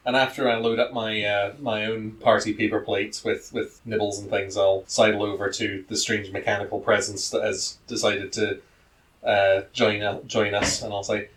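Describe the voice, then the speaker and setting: A man playing a tabletop game, talking in a measured, thoughtful way. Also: lowish voice, level tone, fairly bright tone, far from the mic, poor audio. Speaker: player.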